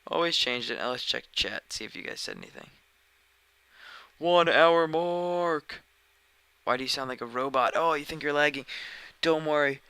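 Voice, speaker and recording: A man's voice: mid-range voice, quick pace, vocal fry, few pauses, bright, forceful tone, clear, resonant tone, dry recording, rough recording. A man live-streaming a game, chatting casually and rambling, often sidetracked mid-sentence, recorded at home on a dedicated microphone. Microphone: dedicated desk microphone.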